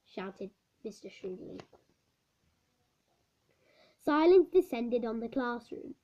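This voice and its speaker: A woman's voice: on the high side, lively intonation, slow, long pauses. A woman reading a children's book aloud, stumbling over words and correcting herself. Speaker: storybook reader. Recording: dull lo-fi recording.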